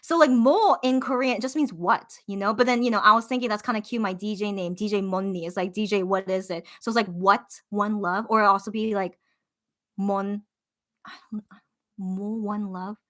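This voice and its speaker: A woman hosting a casual live stream, chatting with viewers, thinking out loud and repeating phrases to herself with frequent giggles. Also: mid-range voice, steady tone, normal speed.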